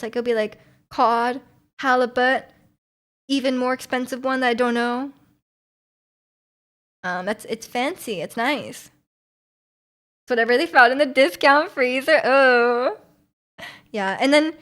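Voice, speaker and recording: A woman's voice: on the high side, a bit bright. A woman, from Vancouver, chatting casually with her stream viewers in a rambling, giggly way full of fillers. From Vancouver, Canada.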